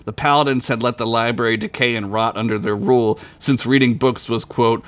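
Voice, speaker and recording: A man's voice: mid-range voice, fairly even intonation, a little fast. A man hosting a podcast, reading his own comedic story aloud in a crude, rambling way and laughing at his own jokes.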